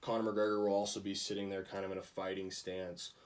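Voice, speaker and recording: A man's voice: deep voice, monotone, fairly quick, far from the mic. A young man giving a casual class project presentation, with frequent ums and restarts. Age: young adult. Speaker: student presenter.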